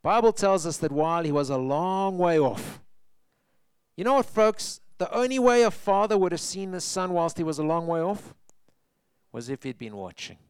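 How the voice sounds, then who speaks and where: High, smooth-voiced male preacher. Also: animated, normal speed, dry recording. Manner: storytelling, acting out the characters' words with rising emphasis. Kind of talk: sermon.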